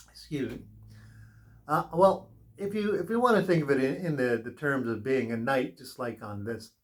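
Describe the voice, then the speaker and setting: A man's voice: medium pitch, lively intonation, a little slow, long pauses, bright, forceful tone. A man giving a spiritual tarot reading in an earnest, rambling, advice-giving way, drifting into personal stories. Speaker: tarot reader.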